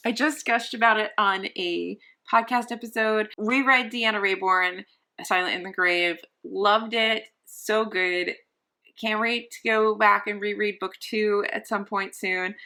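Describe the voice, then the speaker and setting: A young woman who vlogs about books chats casually from her sofa at home, rambling and gushing with lots of restarts. Her voice is medium-pitched, steady, unhurried, and sharp in tone.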